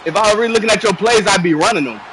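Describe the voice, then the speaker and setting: A man's voice: high voice, very fast, noisy background. Young man trash-talking over a game. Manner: profane, mocking, laughs between lines. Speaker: gamer streaming a football video game. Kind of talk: casual trash talk while gaming.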